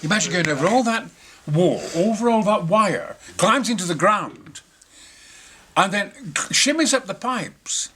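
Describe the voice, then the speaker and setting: A man's voice: sits high, expressive, a little slow, bright, forceful tone, slightly rough. A man telling boisterous, sweary anecdotes in casual behind-the-scenes chat. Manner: boisterous, sweary, theatrical storytelling.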